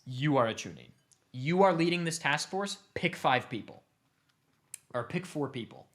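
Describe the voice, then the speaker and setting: A man voicing a stern female village leader who gives brisk orders, in his own voice lifted a little higher. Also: lively intonation, fairly bright tone. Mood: commanding.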